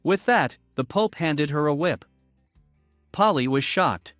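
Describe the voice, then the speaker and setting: Recap narrator, man, slightly high and very lively pitch, dry close sound, faint music under. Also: a little slow, no room sound. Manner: steady storytelling read. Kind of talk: scripted story narration. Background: faint background music.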